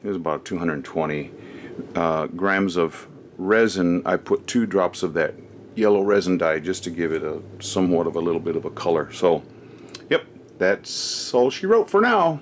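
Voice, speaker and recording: Low-voiced man, craft tutorial host, rambling casual narration, lots of ums and uhs, camera mic with shifting distance, faint background hum. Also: fairly even intonation, moderate pace. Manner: chatty and rambling, thinking aloud with many ums and uhs.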